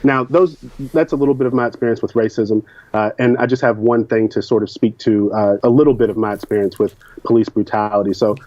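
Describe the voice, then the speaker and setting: Candid male interview guest from Kentucky, low mellow voice, dull lo-fi sound. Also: steady tone, a little fast, dry recording. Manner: candid and frank. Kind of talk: recounting personal experiences. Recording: dull lo-fi recording.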